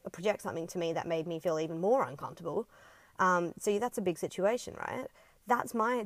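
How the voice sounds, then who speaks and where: Woman vlogger with a lower voice: earnest, rambling, some swearing, dry close recording. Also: no echo. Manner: earnest, rambling, frequent ums, casual swearing. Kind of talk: casual reflective monologue.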